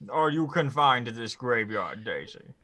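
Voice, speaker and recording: A man's voice: medium pitch, sing-song, measured pace, pushed and bright. A man playing a tabletop game, asking dry questions in character. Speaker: player. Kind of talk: casual in-character play.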